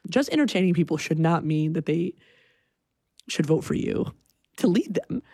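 Animated woman telling a personal story. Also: on the low side, normal speed, breathy edge, no echo, clean studio sound. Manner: animated, acts out the people in the story.

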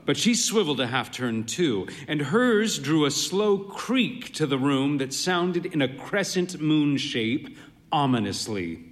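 A man's voice: a little high, big pitch swings, a little slow. A man narrating a story as a weary, wry pub keeper. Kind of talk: storytelling reading. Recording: long hall reverb.

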